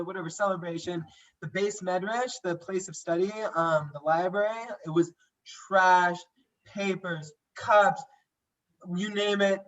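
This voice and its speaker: A man's voice: high voice, fairly bright tone, distant mic. A young man, a podcast guest, telling a personal story in a casual, rambling way, full of "like" and restarts. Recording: dull lo-fi audio.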